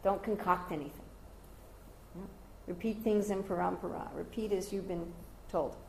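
An older woman giving a devotional scripture class, telling stories lively and raising her voice high whenever she quotes others. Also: moderate pace, creaky, slight background noise. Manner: animated storyteller, jumping high when quoting others. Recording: roomy echoey room.

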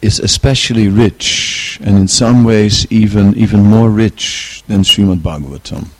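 A middle-aged man giving an informal spiritual talk, relaxed and hesitant, chuckling as he tells a personal story. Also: on the low side, a little slow, no room sound. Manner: relaxed, hesitant, chuckles while telling stories. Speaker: spiritual teacher.

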